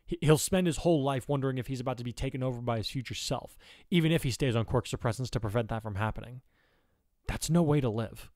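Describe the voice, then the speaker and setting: A man voicing a confident, analytical young man speaking quietly and firmly. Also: mid-range voice, quick pace, dry recording, studio quality, close to an everyday voice. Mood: grim.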